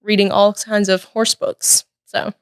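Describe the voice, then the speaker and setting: A young woman in her late teens, a podcast guest, telling a personal story in a lively, chatty way with lots of "like" and "um". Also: mid-range voice, measured pace, clean tone, no echo, studio quality. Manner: lively, chatty, many "like" and "um" fillers. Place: podcast studio.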